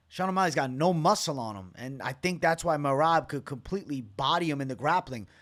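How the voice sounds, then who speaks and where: Casual, swearing man, slightly high voice. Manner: loose, opinionated, swears freely. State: tired, up very late. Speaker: MMA reaction channel host. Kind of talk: casual fight breakdown to camera.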